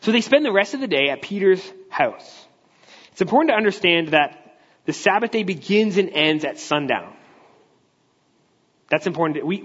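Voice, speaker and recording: A man preaching a sermon in a relaxed, conversational way. He explains each point at length, often restarting his sentences. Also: a little high. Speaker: pastor. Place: large church hall. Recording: echoey hall, dull lo-fi sound.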